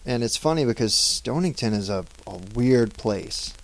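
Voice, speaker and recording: A man's voice: mid-range voice, lively intonation, moderate pace, vocal fry, low-quality recording. A man from Maine co-hosting a casual podcast chat, telling laid-back stories and laughing often. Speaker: podcast co-host.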